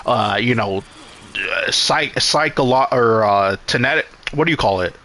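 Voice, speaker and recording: Male streamer, bright edgy tone, profane rambling recap, mid pitch. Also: lively intonation, unhurried. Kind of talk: casual recap while gaming.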